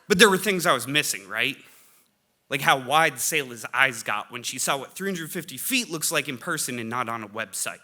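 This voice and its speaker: A middle-aged man telling a comic family story on stage, animated, with loud bursts of excitement. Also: medium pitch, moderate pace. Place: stage before a live audience.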